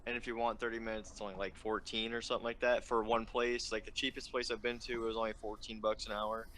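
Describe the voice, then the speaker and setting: 男声 声音明亮的男子，轻松闲聊. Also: male voice, fairly low pitch, flat delivery, fast, fairly bright tone. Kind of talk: casual chat. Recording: faint background noise.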